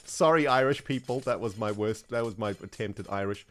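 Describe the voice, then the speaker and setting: A man's voice: lowish voice, a little fast, a bit bright. A man chatting casually on his livestream, self-mocking and chatty, with plenty of fillers. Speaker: streamer.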